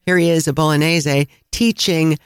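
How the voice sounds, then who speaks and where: A man with a Chicago accent, co-hosting a travel podcast and telling a lively anecdote with frequent laughs. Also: on the high side, moderate pace, clean tone, no room sound, clean studio sound. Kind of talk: casual storytelling chat.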